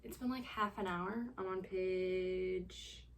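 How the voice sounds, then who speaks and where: A woman's voice: on the low side, fairly even intonation, takes it slowly. A young woman chatting casually in a reading vlog. She talks in an exasperated, rambling way, full of fillers and dramatic sighs. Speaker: book vlogger.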